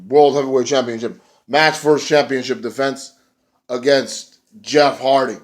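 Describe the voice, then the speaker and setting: A man casually reviewing a wrestling show on camera, swearing freely and breaking into loud mocking voices when he quotes wrestlers. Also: mid-range voice, steady tone, measured pace. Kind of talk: casual video review, profane. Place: indoors, rain heard outside.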